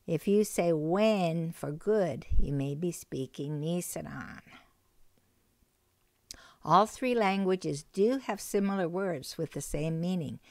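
A woman teaching a recorded language lesson, speaking slowly and patiently and repeating key words with care. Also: lowish voice, dry recording. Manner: slow, careful, patient delivery with repeated phrases.

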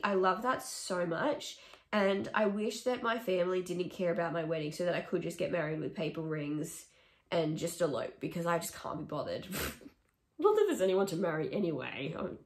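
A woman's voice: fairly low pitch, expressive, moderate pace. A young woman vlogging, talking casually and opinionatedly through a song ranking with sarcastic asides. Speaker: music vlogger. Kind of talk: casual ranking chat to camera. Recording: echoey room.

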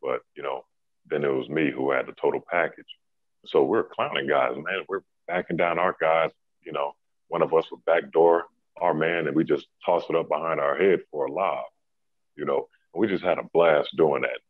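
His voice rumbles low at a moderate pace as the middle-aged ex-pro basketball player shares easygoing stories, laughing often and leaning on fillers. The recording has no room sound and comes across dry and phone-like.

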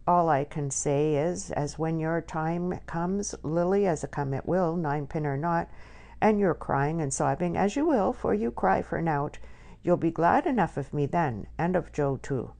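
A woman's voice: low voice, measured pace, creaky, mellow. A woman voicing a blunt, motherly older countrywoman who scolds in broad country dialect. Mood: huffy.

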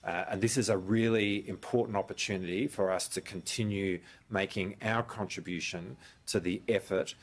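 A man delivers a formal press statement in a slow, measured way, often pausing with a filler. His voice sits very low in pitch. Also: steady tone, a little hiss or hum. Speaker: government official.

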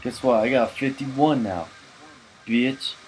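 A drunk man doing gaming commentary, cursing, shouting and laughing as he plays. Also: medium pitch, slow, soft background music, poor audio. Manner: profane, loud outbursts and laughing. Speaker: let's player.

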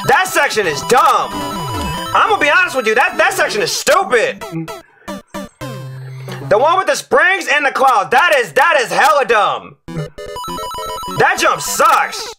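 A young man commentating his platform gameplay, ranting and yelling at the game as he fails levels. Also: extremely high pitch, big pitch swings, a little slow, long pauses, over music. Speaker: streamer playing a platform game.

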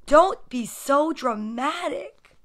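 A woman voicing an exasperated mother who shouts and scolds her son over his toys, reading from a picture book. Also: high-pitched, expressive, slow pace. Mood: stern. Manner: shouting, bossy. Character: exasperated mom yelling about toys.

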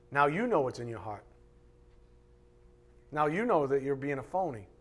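A male pastor preaching a live sermon, reading scripture aloud and acting out voices in lively asides. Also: medium pitch, a little slow, breathy edge. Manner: animated preaching, reads scripture aloud, acts out God's voice in asides. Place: church sanctuary.

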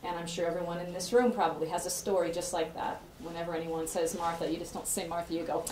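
In a bookstore event room before an audience, a woman gives a heartfelt, effusive introduction for an author, chatting and laughing often. Her fairly low voice is flat and quick with few pauses. The recording is very noisy, picked up from a distance in a roomy hall with faint ambience.

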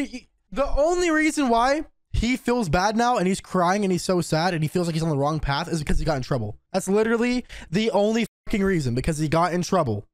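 A man hosting an anime reaction, talking casually and excitably, swearing and yelling at the screen. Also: high voice, no room sound. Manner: excitable, profane, yells at the screen.

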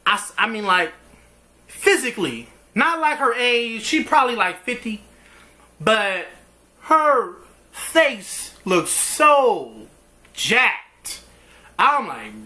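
Animated man recapping a TV episode. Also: very high voice, measured pace. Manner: animated, acts out characters' lines mid-recap. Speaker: TV show reviewer. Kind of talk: casual recap.

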